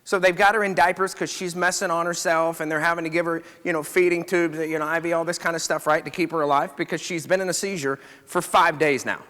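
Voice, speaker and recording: A chiropractor speaks fast to a live audience, barely pausing, in a voice that's on the high side, steady, pushed, and bright. He tells his story casually and conversationally and keeps checking in with listeners. The sound echoes around a reverberant hall.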